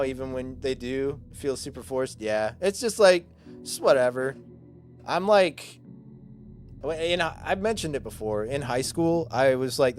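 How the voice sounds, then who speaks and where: A man in his twenties, a streamer, chatting casually with his viewers and rambling through a self-deprecating story full of fillers. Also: medium pitch.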